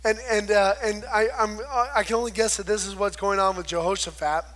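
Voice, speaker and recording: A man's voice: sits high, level tone, brisk, fairly bright tone. A man preaching a conversational sermon, retelling scripture and acting out the quoted voices. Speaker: pastor.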